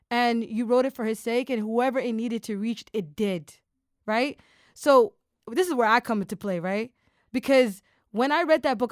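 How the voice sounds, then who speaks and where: A woman's voice: a little high, clean tone, no echo, studio quality. A woman hosting a podcast in casual chat, talking in enthusiastic bursts with lots of fillers. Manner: animated, enthusiastic, talks in bursts with many fillers. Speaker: podcast host.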